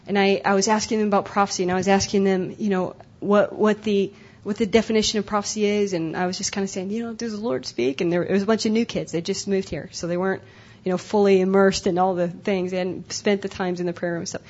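A woman's voice: medium pitch, steady tone, fast talker, hardly any pauses, a little mellow. A young adult woman speaking at a conference breakout session, earnest and emotional, often repeating herself. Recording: dull lo-fi live recording.

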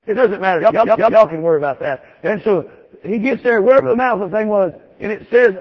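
Preacher, folksy and emphatic, pretty high voice, dry dull-sounding audio. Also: male voice, fast, no room sound. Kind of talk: sermon.

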